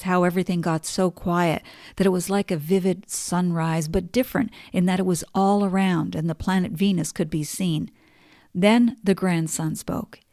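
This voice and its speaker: A middle-aged woman hosting a podcast, telling stories and reading passages in a calm, measured way. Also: fairly low pitch, no room sound, studio quality. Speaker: podcast host. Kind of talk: reflective spoken essay, reading quotes aloud.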